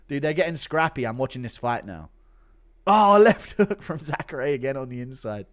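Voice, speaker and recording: A male streamer giving loud, profane play-by-play while he reacts to a fight and reads chat. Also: medium pitch, normal speed. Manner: excitable, profane, loud bursts. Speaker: streamer host.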